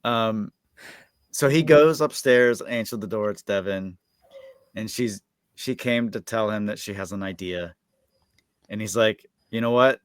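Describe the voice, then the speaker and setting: A man with a fairly low voice walks through an episode recap in loose, rambling chat, stringing thoughts together with constant filler words. His voice sounds dry and close, with no room around it. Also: a little slow, pauses often, clear, resonant tone, no echo. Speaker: podcast co-host.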